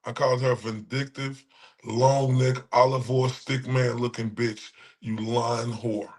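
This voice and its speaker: A man's voice: mid-range voice, flat delivery, unhurried, darkish tone. A man hosting a livestream, ranting profanely and mockingly in heated reaction commentary. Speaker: livestream host reacting to clips.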